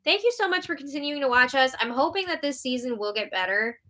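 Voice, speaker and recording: A woman hosting a live reality-show recap, animated and exasperated as she reads out viewer comments. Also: sits high, fast talker. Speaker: host.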